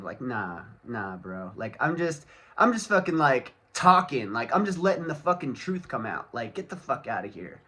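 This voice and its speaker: A man's voice: mid-range voice, very animated, moderate pace, hardly any pauses, pushed and bright. A man ranting angrily to camera in a casual solo vlog, swearing constantly and rambling loosely with many fillers. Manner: angry, profane ranting. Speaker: vlogger.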